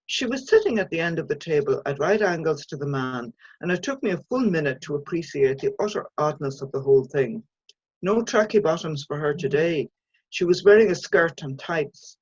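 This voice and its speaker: A woman, an author reading her own short story aloud in a measured, even way. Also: low voice, husky, no echo, highs cut off.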